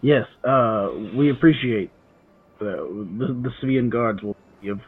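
A man's voice: mid-range voice, unhurried, slightly rough, soft background music. Man, tabletop player, hesitant, stumbling, tinny call audio.

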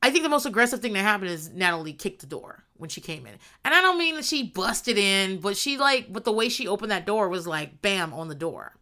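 A woman recapping a reality show in casual chat, loud and animated, swearing freely, laughing often and acting out quotes. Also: mid-range voice, fairly quick, hardly any pauses.

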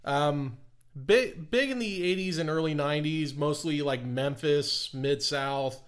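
Dry-humored podcast man, slightly high. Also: a little slow. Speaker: podcast co-host. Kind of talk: casual chat.

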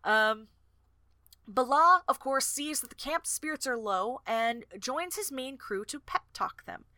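A woman co-host chatting casually about a book, retelling scenes with plenty of fillers. Her voice is bright and a touch high. The sound is dry and close. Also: expressive, measured pace, dry recording. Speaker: podcast co-host. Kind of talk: casual book-discussion chat.

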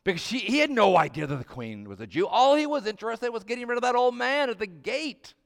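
A male pastor preaching a sermon, retelling a story and dropping low and soft for emphasis. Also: very animated, fast, creaky, in a large hall.

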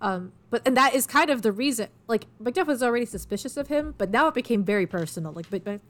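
A woman's voice: a little high, expressive, quick pace, fairly bright tone. A woman co-hosting a casual podcast about plays, talking chattily and explaining eagerly with many fillers. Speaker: podcast co-host. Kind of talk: casual chat about literature.

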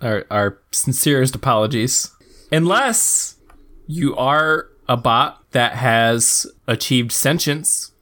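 A man whose pitch swings widely talks through a casual podcast. He laughs often and pushes back playfully with eager, goofy enthusiasm. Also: lively intonation, slow, sharp tone. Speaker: podcast co-host.

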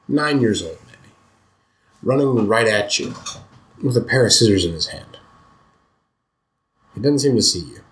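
A man's voice: mid-range voice, fairly bright tone. A man narrating a tabletop horror game as game master, describing scenes steadily.

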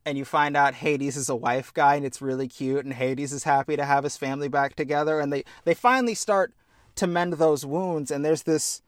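Man, podcast co-host, earnest, heartfelt, slightly high voice, dry close recording. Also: fairly quick, no room sound. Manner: earnest, heartfelt, animated storytelling. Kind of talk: casual chat about a video game.

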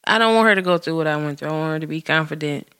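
A woman co-hosting a casual podcast chat, talking in an animated way with laughter and lots of fillers. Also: low-pitched, rapid-fire, clean tone. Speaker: podcast co-host.

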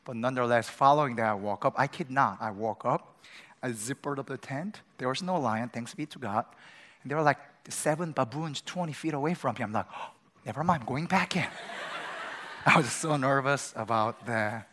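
A man preaching a sermon to students, telling a story with sudden loud bursts. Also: medium pitch, normal speed, slight background noise. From Korea. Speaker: pastor.

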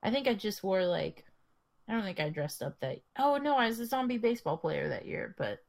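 A woman's voice: medium pitch, big pitch swings, fairly quick, vocal fry. A young woman co-hosting a podcast, telling stories in a rambling way, swearing freely and laughing often. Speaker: podcast co-host. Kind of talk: casual chat.

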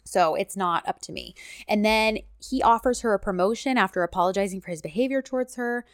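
Woman chatting thru a show recap, smooth voice, dead dry room. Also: medium pitch, brisk, dry recording. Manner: chatty, retells scenes with quoted lines. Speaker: podcast co-host recapping a TV series. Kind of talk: casual chat.

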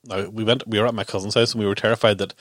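A man's voice: lowish voice, little pitch movement, racing, dry recording, clean studio sound. A man co-hosting a podcast in casual chat, thoughtful and a little rambling. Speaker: podcast co-host.

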